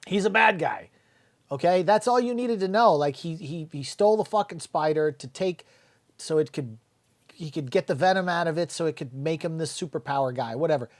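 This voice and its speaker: A man's voice: fairly high pitch, lively intonation, a little fast. Blunt, swearing man reviewing a film. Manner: blunt, swears freely, mocking quotes of lines. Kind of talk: casual spoken movie review.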